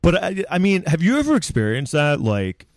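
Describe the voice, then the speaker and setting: A man's voice: fairly high pitch, wildly swooping pitch, moderate pace, no echo. A man co-hosting a podcast in casual, rambling chat, joking and slipping into mocking impressions.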